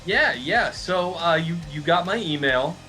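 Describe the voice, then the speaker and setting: A man with a somewhat high, bright voice doing improv comedy as an earnest customer. He stammers and restarts his sentences, sounding hesitant but sincere. Faint music plays behind him. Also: expressive, a little slow, rough recording. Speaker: improv performer playing a tattoo customer.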